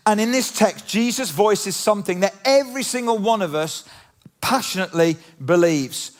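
A man preaching a sermon in a church, animated and conversational, full of rhetorical questions. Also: high voice, normal speed. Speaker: pastor. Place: church auditorium.

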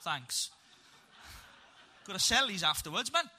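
Lively Welsh man preaching his story. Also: high-pitched, measured pace. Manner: animated storyteller, punchy and humorous. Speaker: preacher telling his testimony. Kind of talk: testimony to a live audience.

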